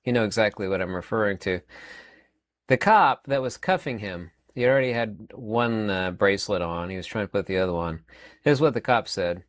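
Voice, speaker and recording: A man's voice: lowish voice, lively intonation, moderate pace, no room sound. A man in his fifties giving a rambling, emphatic opinion monologue as a channel host, often repeating words and using fillers. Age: 50s.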